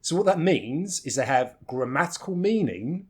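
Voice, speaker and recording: British man teaching pronunciation, husky voice. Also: on the high side, very animated, normal speed. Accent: British English. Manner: exaggerated, demonstrative enunciation. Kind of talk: pronunciation lesson.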